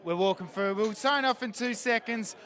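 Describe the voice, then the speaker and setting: Teasing host, high voice, casual banter. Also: male voice, moderate pace, a bit bright. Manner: joking and teasing. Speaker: comedy show host. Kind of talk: casual backstage interviews.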